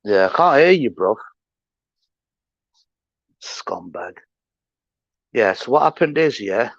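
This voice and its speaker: A man's voice: medium pitch, very animated, slow, vocal fry, no echo. Slangy, swearing man ranting on a stream. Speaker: livestream host. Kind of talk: heated casual livestream rant. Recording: dull lo-fi stream audio.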